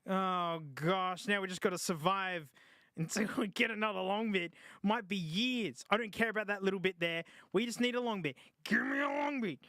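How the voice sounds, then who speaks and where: Brief: male streamer, high and bright, jokey, excitable gamer chatter. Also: normal speed, no room sound. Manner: excitable, jokey, yelps and groans at the game. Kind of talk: casual live-stream gaming commentary.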